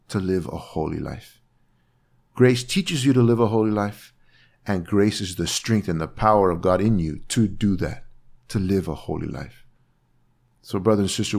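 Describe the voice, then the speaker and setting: Earnest low-voiced male preacher. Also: darkish tone. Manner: earnest, emphatic, rising on key words. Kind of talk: sermon with scripture reading.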